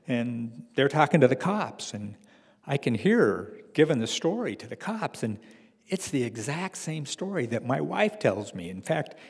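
A middle-aged man telling a personal story to an audience in a wry, halting way, with restarts and fillers. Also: medium pitch, husky, long reverb tail.

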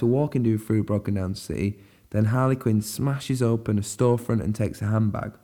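A man's voice: lowish voice, darkish tone. Chatty man reviewing a film. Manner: chatty and rambling, with many fillers and restarts. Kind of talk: casual spoken film review.

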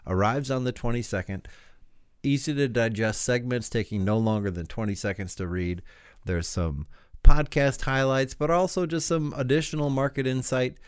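A man's voice: medium pitch, moderate pace, clean tone, no echo, clean studio sound. A man co-hosting a podcast in casual chat, rambling and leaning on filler words. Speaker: podcast co-host.

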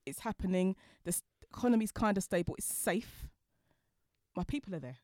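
A woman telling stories as a podcast guest, talking fast and laughing as she goes. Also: mid-range voice, animated, dark tone, no echo, clean studio sound. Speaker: guest, designer. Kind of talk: animated storytelling in conversation.

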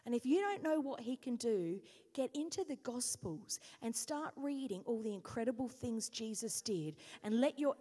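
A woman senior pastor preaches with animated, self-mocking stories. Her voice is high, and it rings through a reverberant church hall. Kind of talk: sermon with storytelling.

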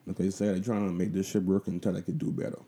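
A young man with a Bahamian accent tells a story casually, swearing freely and breaking off for asides. His voice sits on the low side, with a very dark, mellow tone. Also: level tone, fast talker. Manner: profane, loose and conversational, with lots of asides. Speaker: vlogger.

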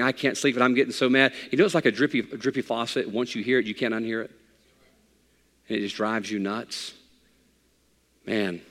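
A pastor preaching a sermon in a conversational, folksy way with bits of humor. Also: male voice, medium pitch, a bit bright, big-room sound.

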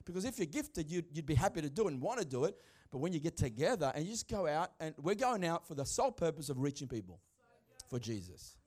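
A man's voice: fairly high pitch, big pitch swings, fast, darkish tone. A middle-aged man, preaching a sermon in an emphatic, conversational way. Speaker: pastor.

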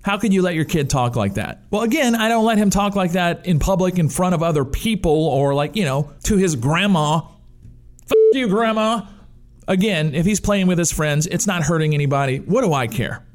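A man's voice: fairly high pitch, lively intonation, a little fast, few pauses. A man hosting his own show, delivering a sarcastic, profane comedic rant. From United States. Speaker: podcast host. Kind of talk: ranting comedic monologue.

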